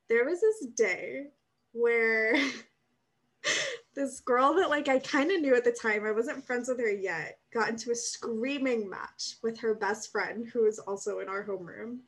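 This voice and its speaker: Animated high-voiced young woman storyteller. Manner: animated storyteller, laughs often, acts out quotes. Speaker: podcast co-host. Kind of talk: casual chat.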